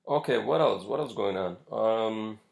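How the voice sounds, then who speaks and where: Podcast host, male, low gravelly voice, blunt and profane, rambling delivery. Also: unhurried, a little mellow. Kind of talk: casual solo podcast rant.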